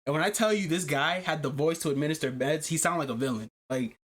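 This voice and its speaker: A man hosting a podcast, telling a long personal story in casual chat, animated and profane, often repeating himself. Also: on the high side, fast. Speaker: podcast host.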